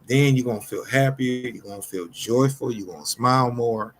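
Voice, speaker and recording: Speaking straight to his viewers and calling them "y'all," a man delivers an unscripted motivational vlog. He's earnest and repetitive, often restarting his sentences, with a medium pitch and normal speed.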